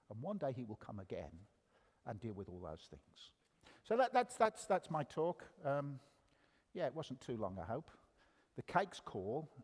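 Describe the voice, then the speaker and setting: A man's voice: mid-range voice, a little mellow, breathy edge, big-room sound. An older man giving a conversational sermon with humor, asking the audience questions as he preaches. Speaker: guest preacher. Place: church hall.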